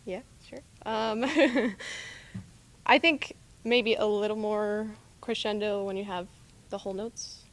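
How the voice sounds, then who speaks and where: A woman's voice: medium pitch, steady tone, takes it slowly. Young adult female student conductor, polite and hesitant. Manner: polite, hesitant, laughs nervously. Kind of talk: rehearsal talk.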